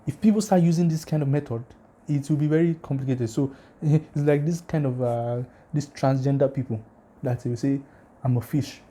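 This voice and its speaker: A man's voice: on the high side, normal speed, mellow. A man hosting a religious channel, lecturing casually to viewers with emphatic, challenging arguments and rhetorical questions. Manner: addresses viewers directly, asks for comments.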